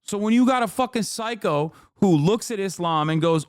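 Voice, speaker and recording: A man from Turkey streams a reaction, ranting angrily and profanely while doing mocking impressions. His voice is high and animated at a normal speed with hardly any pauses, recorded in clean studio quality with no room sound.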